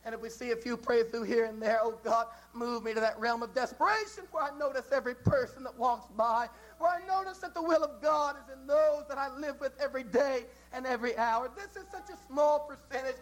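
A man's voice: very high voice, brisk, few pauses, rough recording. A man preaching a sermon with passion, repeating phrases and building to dramatic rises. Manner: impassioned, repetitive, with dramatic rises.

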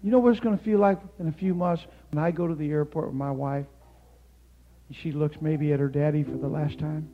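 A man's voice: fairly high pitch, steady tone, a little fast. Impassioned older male preacher, muffled sound. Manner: swings from hushed storytelling to shouted, impassioned preaching. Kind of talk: sermon.

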